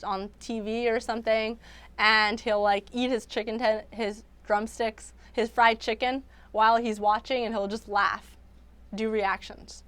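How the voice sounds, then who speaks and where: A woman's voice: on the high side, fairly bright tone, clean tone, no room sound. A young woman hosting a livestream, chatting casually and rambling with lots of "like" and restarts. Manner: rambling, filler-heavy, many restarts. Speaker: livestream host.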